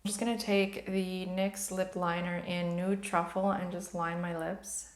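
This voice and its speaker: A woman's voice: on the low side, little pitch movement, measured pace, reverberant. A woman in her thirties chatting candidly to camera while doing her makeup, opening up about personal matters. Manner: candid, chatty, emotional at times. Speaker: beauty vlogger.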